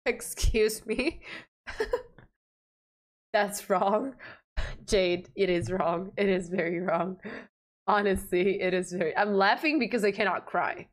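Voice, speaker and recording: A woman's voice: medium pitch, takes it slowly, long pauses. A woman streamer giving casual, blunt commentary on a game, swearing freely and laughing often.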